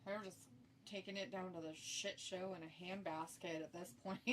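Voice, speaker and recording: A woman's voice: medium pitch, pushed and bright, far from the mic, a little hiss or hum. A woman co-hosting a casual livestream chat. She reads viewer comments aloud and laughs often. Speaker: co-host reading viewer chat.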